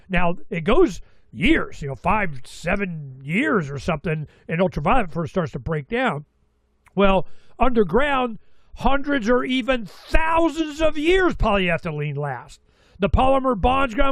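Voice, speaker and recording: Casting: middle-aged male talk host, high voice, dry close mic, animated rambling storyteller. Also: normal speed, no room sound. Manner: animated storytelling with quoted asides and mild cursing. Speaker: radio show host.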